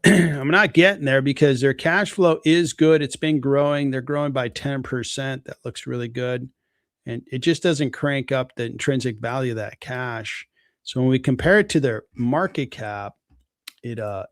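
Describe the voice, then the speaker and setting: On a live stream, a man with a medium-pitched voice casually works through a company's stock valuation, relaxed and thinking aloud with fillers. The recording is dry and studio quality.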